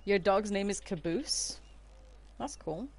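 A woman's voice: mid-range voice, expressive, slow. A woman streaming a game from her room, chatting and giggling with her viewers. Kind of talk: casual livestream chat while playing. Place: her own room at home.

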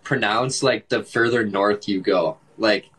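A man's voice: lowish voice, unhurried, fairly bright tone, slightly rough, rough recording. A man with a Canadian accent chatting casually on a livestream, laid-back and laughing often, with lots of "like". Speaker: livestream host.

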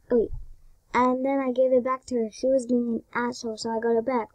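A woman in a casual vlog, reading chat messages aloud in a rapid, flat run. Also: on the high side. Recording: dull lo-fi dry recording.

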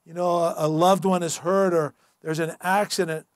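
A male pastor delivers a sermon in an earnest, emphatic and conversational way. His voice sits high for a man. The recording is dry and close. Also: fairly even intonation, moderate pace, no echo. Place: church.

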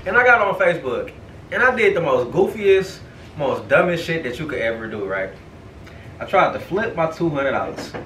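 A young man on a podcast tells a story in a loose, profane way and keeps tossing in "right?". His voice sits a bit high and bright, and it swings a lot in pitch. He sounds some distance from the mic in an echoey room. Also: moderate pace, slight background noise. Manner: animated, profane, repeats "right?". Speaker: podcast host. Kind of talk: casual storytelling.

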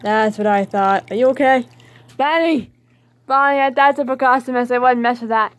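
A woman chatting casually in a vlog about her pet fish, excitable and playfully scolding them as she talks. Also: fairly high pitch, normal speed.

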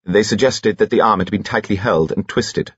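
A man's voice: fairly low pitch, normal speed, husky, no room sound, lo-fi sound. A man voicing a reserved doctor who gives dry, terse answers in an audiobook. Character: reserved older male doctor witness.

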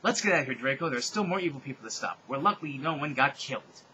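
A man's voice: medium pitch, expressive, fast, bright, forceful tone, muffled recording, slight background noise. A man reading the lines of a brash young story hero, delivered overdramatically. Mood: eager.

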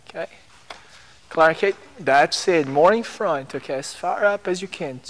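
A man's voice: fairly high pitch, measured pace, fairly bright tone. A man coaching young players on a tennis court, encouraging them with short drill commands.

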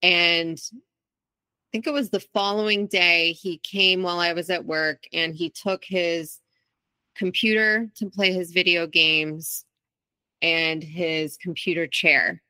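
A woman's voice: lowish voice, fairly even intonation, takes it slowly, pushed and bright, clear, resonant tone, no room sound. A woman guest in an interview, telling her own story in a candid, reflective way with frequent restarts. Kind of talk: interview, personal account.

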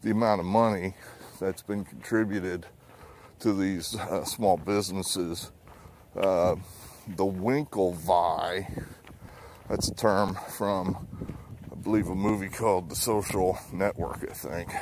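A man's voice: deep voice, steady tone, slow, darkish tone, a little hiss or hum. A man giving rambling, blunt political commentary with swearing and many fillers while walking outdoors, slightly out of breath, recorded on a handheld phone. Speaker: political vlogger. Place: outdoors on a neighborhood walk.

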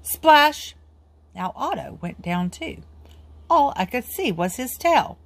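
Woman, storybook read-aloud, expressive, lively pitch, slow pace. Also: no room sound. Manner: expressive, sing-song. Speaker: storybook reader. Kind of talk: children's book read-aloud.

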